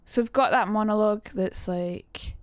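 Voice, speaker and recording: A woman's voice: medium pitch, normal speed, dry recording, studio quality. A young woman chatting casually on a live stream, rambling and cutting herself off. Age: young adult. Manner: chatty, rambling, self-interrupting.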